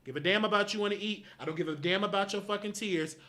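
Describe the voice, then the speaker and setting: Hosting a live show, a man with a high-pitched, sharp voice talks fast as he angrily scolds his producer in a profane, repetitive rant full of emphatic commands.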